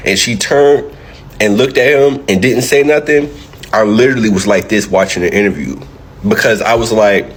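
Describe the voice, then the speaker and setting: Husky man giving commentary. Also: fairly low pitch, low-quality recording. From United States. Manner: emphatic, repeats points, tags lines with "right?". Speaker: commentary channel host. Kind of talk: opinion commentary monologue.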